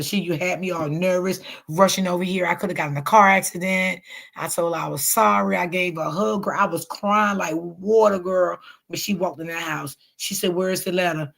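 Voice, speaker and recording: A middle-aged woman hosting a casual livestream, chatting warmly and reading out viewer comments. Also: lowish voice, steady tone, a little fast, creaky. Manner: chatty, talks straight to viewers. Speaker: livestream host.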